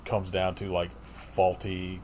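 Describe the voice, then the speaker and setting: A man's voice: deep voice, completely flat delivery, slow, a little mellow, a little hiss or hum. A man co-hosting a podcast, chatting casually with wry jokes and casual swearing. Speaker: podcast co-host.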